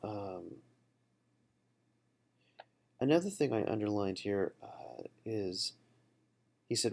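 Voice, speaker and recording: Gravelly low-voiced man reflecting aloud. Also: slow, long pauses. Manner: reflective, conversational, with fillers and restarts. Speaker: book study host. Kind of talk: casual personal storytelling and book discussion.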